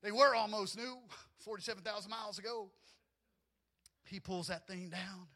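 A man with a high, bright voice preaching a sermon. He tells personal stories with lively, animated energy and often climbs almost to a shout. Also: normal speed. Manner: animated storytelling, often rising to near shouts, with laughs. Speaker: pastor.

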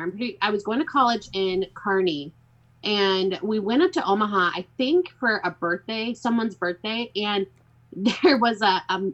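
A woman guest on a podcast telling stories in a dry, unhurried way. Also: medium pitch, a bit bright, highs cut off. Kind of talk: casual storytelling.

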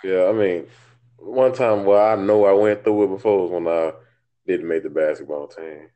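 A man's voice: sits low, moderate pace. A man talking casually on a phone call, laid-back and brief.

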